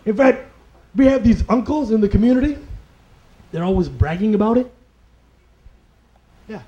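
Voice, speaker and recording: Playful high-voiced male stand-up comic. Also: animated, normal speed, warm tone, dull audio. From Chicago, USA. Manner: playful, mimics voices, laughs at own jokes. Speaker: stand-up comedian. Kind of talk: stand-up comedy routine. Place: live comedy stage.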